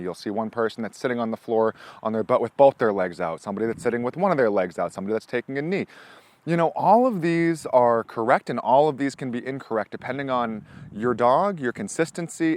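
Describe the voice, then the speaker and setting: A man's voice: medium pitch, no room sound. A man teaching dog disc tricks in a casual, encouraging demo, mixing explanation with praise and commands to his dog. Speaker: dog trainer.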